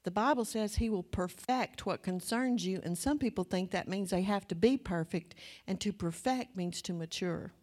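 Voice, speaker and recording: A woman in her sixties delivering a relaxed, conversational sermon. She talks in a chatty way and keeps turning to her listeners with questions. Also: medium pitch, normal speed, hardly any pauses. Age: 60s. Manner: chatty, asks the audience questions. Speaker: preacher.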